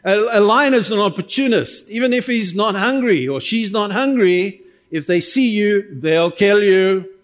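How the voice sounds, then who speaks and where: A man preaching a sermon in a noticeably high, light voice. He is middle-aged and animated, and he keeps prompting the congregation to answer him with amens. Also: a little slow. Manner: lively, calls on the congregation for amens. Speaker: pastor.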